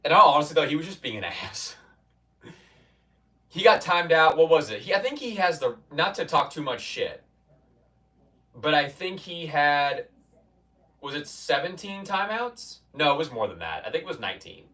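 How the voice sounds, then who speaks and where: A man's voice: a little high, very animated, moderate pace, long pauses, bright, forceful tone, recorded from a distance. A man streaming from a basement gym, chatting loosely with his viewers and often restarting his sentences. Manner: rambling, restarts, mock-quotes chatters. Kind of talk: casual chat with stream viewers.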